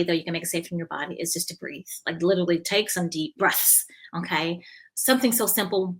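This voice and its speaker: A bright, clear-toned woman hosting her own show and talking straight to her listeners. She tells a personal story with lots of emphasis and swings her voice high to act out the people in it. Her tone sits in a middle register but rings bright and forward. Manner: animated, acts out quoted voices with big pitch jumps; emphatic, addresses listeners directly. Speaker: podcast host and coach.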